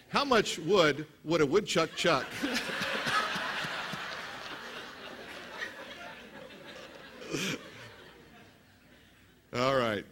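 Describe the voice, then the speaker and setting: In a sermon, a man leads his church through prayers spoken aloud, his voice rising to loud emphasis and then falling to a hushed, prayerful hush. There's slight noise in the background.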